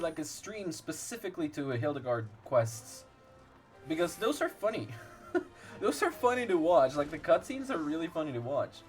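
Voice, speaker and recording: Casual streamer guy, chatty and rambling, lively pitch, game music faint behind. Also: moderate pace. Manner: chatty, laughs often, rambling.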